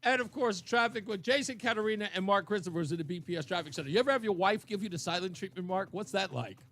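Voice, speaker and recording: A man's voice: high voice, quick pace, faint music behind. A man hosting a talk radio show, telling stories casually and laughing often. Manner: laughs often, animated storytelling. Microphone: studio microphone.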